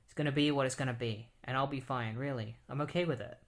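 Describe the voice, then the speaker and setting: A man voicing a young male speedster hero who is calm and accepting, read softly and quietly. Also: mid-range voice, quick pace, lightly acted. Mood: gentle.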